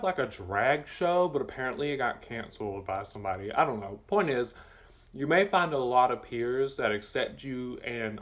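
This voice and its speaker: A young man from the southern United States with a Southern accent, chatting casually to camera while eating, sassy and blunt, with his mouth full at times. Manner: sassy, blunt and campy, with bursts of high exclamations. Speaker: vlogger.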